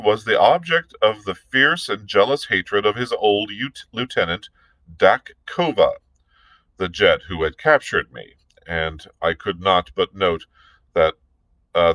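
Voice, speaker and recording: A male librarian reads a novel aloud at a measured, deliberate pace, now and then tripping on a word and starting it again. His voice sits low, and the recording is close and dry, with no echo around him. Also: a bit bright. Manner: measured, deliberate reading with small slips and restarts.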